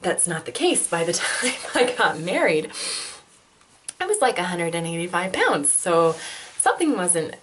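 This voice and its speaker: A low-pitched woman, likely in her twenties, tells a candid personal health story, laughing often and using self-deprecating humor.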